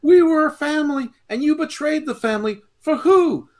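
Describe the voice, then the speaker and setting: A man putting on the voice of an enraged, betrayed male wrestler who is berating a traitor in a high, strained rant. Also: expressive, normal speed. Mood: furious.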